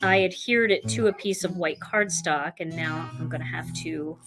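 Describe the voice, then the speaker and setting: A woman's voice: low-pitched, normal speed, over music. A woman hosting a live crafting demonstration, chatting with her viewers as she works. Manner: chatty, talks to viewers while working. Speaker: craft show host.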